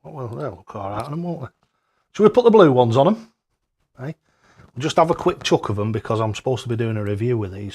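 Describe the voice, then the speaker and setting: A man's voice: medium pitch, sing-song, a little fast, breathy edge. Chatty man hosting a darts stream. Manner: chatty and jokey, laughs often, loud when greeting viewers. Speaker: darts live-stream host. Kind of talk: casual live-stream chat.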